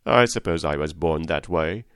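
A man's voice: very deep voice, moderate pace, a bit bright, clean tone, dry recording, clean studio sound, voice pushed down. A man voicing a big, sad, cowardly lion in an audiobook reading, apologetic in manner.

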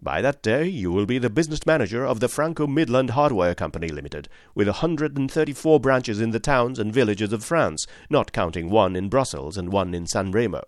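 A man voicing a brisk, sharp-spoken middle-aged financial agent who flatters and talks up a job offer in an audiobook. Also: lowish voice, dry recording, studio quality, natural voice. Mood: flattering. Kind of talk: audiobook character voice.

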